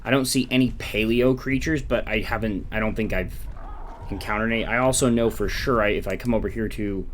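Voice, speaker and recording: Rambling low-voiced man playing a game. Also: brisk, a little hiss or hum. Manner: rambling, self-interrupting, chatty. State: sleep-deprived. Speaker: gaming YouTuber. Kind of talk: casual gameplay commentary.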